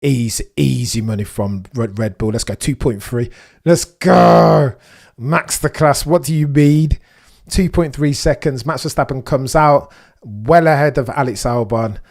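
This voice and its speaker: A young man hosting a live race watchalong, chatting excitedly to his viewers and reacting with slang. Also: mid-range voice, normal speed. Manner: excitable, chatty, British slang, talks to chat. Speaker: livestream host.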